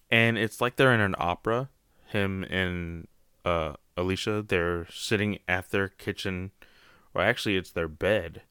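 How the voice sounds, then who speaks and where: A man's voice: low-pitched, a bit bright, smooth, no echo, clean studio sound. A man giving a casual spoken comic book review, rambling and often saying "you know.".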